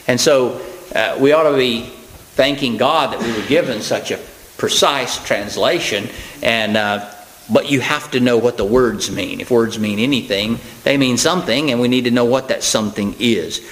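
Guy preaching a chatty sermon, mid pitch, lots of ums and acting out little quotes. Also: fairly bright tone, low-quality recording. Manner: conversational, with folksy asides and acted-out quotes; plain, unhurried delivery with frequent fillers and restarts.

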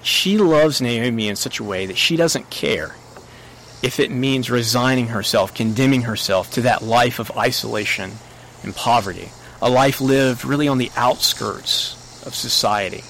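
A man delivering a sermon in a mid-range voice, earnest and steady. He lifts his pitch whenever he quotes scripture. Faint crickets and insects hum in the background. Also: normal speed, vocal fry, rough recording. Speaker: preacher.

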